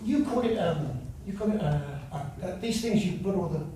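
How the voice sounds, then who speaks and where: Older English comic, high voice, echoey hall. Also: male voice, fairly quick. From England. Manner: chatty, teasing asides to the audience. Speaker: comedian and after-dinner speaker. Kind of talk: stand-up storytelling. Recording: echoey hall from far off, loud noise.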